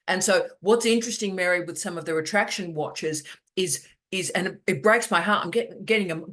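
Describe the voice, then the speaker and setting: A brisk, medium-pitched middle-aged academic chats during online office hours on a video call. The delivery is animated and playful, leaning on repeated words for emphasis.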